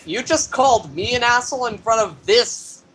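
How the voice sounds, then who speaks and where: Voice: mid-range voice, lively intonation, normal speed, fairly bright tone, a little hiss or hum, pitched above the performer's own voice, lightly acted, low-quality recording. A player voicing a sarcastic, crude female fox-like creature in a tabletop role-play. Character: sarcastic female Zoroark brawler.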